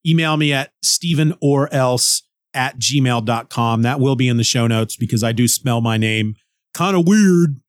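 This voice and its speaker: A man hosting a podcast in a casual, rambling monologue, goofy and quick to joke at his own expense. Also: mid-range voice, no room sound, studio quality. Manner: goofy, rambling, jokes at himself. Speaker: podcast host.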